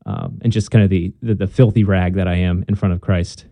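A young man with a very dark, mellow voice talks casually and earnestly about his own story, now and then acting out old conversations. The sound is dry and close, with no room echo. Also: sits low, steady tone, brisk. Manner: earnest, storytelling, acts out past dialogue. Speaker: guest, Catholic convert.

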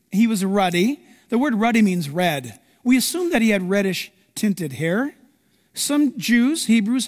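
Man, pastor, dramatic sermon storytelling, high voice, big reverberant hall. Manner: animated, dramatic storytelling with acted-out quotes.

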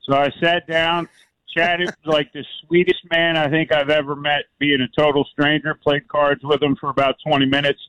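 A friendly male caller on sports radio. His slightly high voice comes through a somewhat muffled line, and he talks in a lively, chatty way. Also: moderate pace, clear, resonant tone, dry recording. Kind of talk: casual call-in chat.

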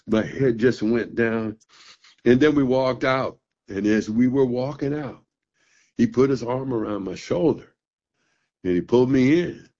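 Older male storyteller, husky and gravelly, casual and halting, dull lo-fi sound. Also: medium pitch, warm tone. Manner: halting, with fillers and repeated words. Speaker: blues musician telling a story to an interviewer. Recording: dull, muffled recording.

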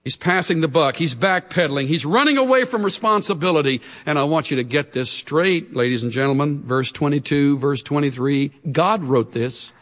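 Emphatic preacher with lively pitch. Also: male voice, normal speed, hardly any pauses. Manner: emphatic, exhorting, swings from loud to hushed. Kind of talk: sermon. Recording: long hall reverb.

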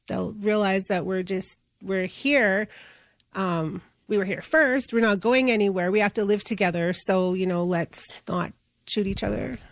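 A middle-aged woman from Canada speaks as an interview guest in a relaxed, earnest storytelling manner, circling back and restarting her sentences as she goes. Her voice sits at a medium pitch. The recording is close and dry, with no room echo. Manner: earnest, conversational, with restarts and fillers. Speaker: guest, justice advocate.

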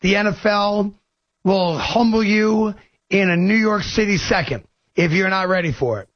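A man's voice: high-pitched, normal speed, lo-fi sound. A man giving sports radio commentary in a played clip, lecturing and emphatic.

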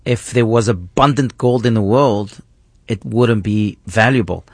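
A rabbi appearing as a guest teaches thoughtfully in conversation, his voice on the low side and his pace a little slow. He's earnest and often restarts his phrases, and the recording has no echo.

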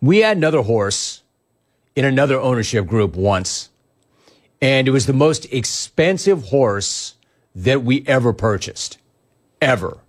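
A man's voice: mid-range voice, animated, unhurried. A man hosting a sports talk show, telling stories emphatically and riffing on listener comments.

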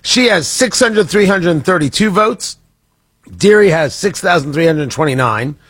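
Sarcastic husky-voiced talk radio host. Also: male voice, a little high, lively intonation, measured pace, a bit bright, no room sound. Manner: sarcastic, mocking, with frequent restarts. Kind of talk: opinionated political talk radio monologue.

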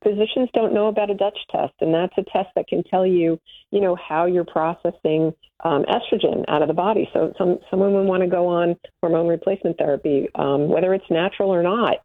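A woman's voice: on the low side, fairly even intonation, a little fast, no room sound. A woman speaking as a guest expert in a casual interview, chatty, often trailing off and restarting. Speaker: supplement company guest expert. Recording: tinny phone-like line.

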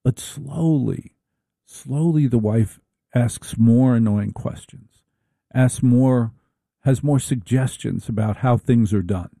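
A middle-aged man delivering a wry, rambling comedic monologue, full of halting restarts. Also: medium pitch, creaky, mellow, no echo.

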